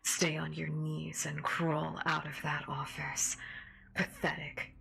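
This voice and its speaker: A cruel female radio call-in host, put on by a woman, hisses slow, bossy orders in a whispered role-play. Her voice sits low and gravelly. She sounds coolly manipulative, drawing every command out. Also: completely flat delivery, a bit bright, full character voice, rough recording. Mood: domineering.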